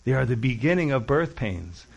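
A man's voice: mid-range voice, big pitch swings, normal speed, gravelly, breathy edge, dull audio. A male pastor preaching a sermon, earnest and urgent, speaking directly to his listeners.

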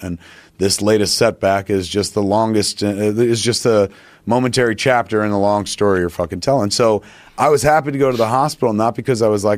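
Casual male storyteller, swears a lot, rambles; low voice, dry close mic. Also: a little fast, darkish tone, no echo. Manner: profane, rambling anecdote with acted-out quotes. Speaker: podcast guest.

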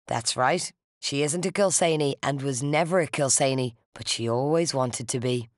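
A reader doing a resentful older woman in an audiobook, low and quiet with a simmering menace that breaks into hisses and furious shouting. Her pitch sits mid-range, and the recording is dry and close with no room sound. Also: moderate pace, no echo, lightly acted. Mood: bitter spite. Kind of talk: audiobook character voice.

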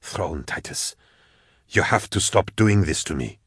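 A man voicing an exasperated male inquisitor in an audiobook, pleading with a deluded old colleague, lifting his voice above his usual low register. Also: expressive, measured pace, husky, no room sound, clean studio sound, full character voice. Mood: weary pleading. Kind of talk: audiobook character voice.

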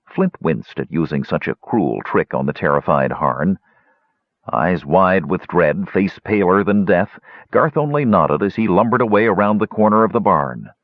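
A man narrating a fantasy audiobook in an expressive, measured storytelling voice. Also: deep voice, dry recording. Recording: dull lo-fi, dry audio.

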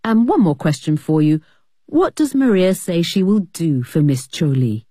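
A woman's voice: fairly low pitch, lively intonation, normal speed, dark tone, slightly rough, no room sound, studio quality. A woman presenting a scripted English lesson, narrating a scene and asking the listener questions about it.

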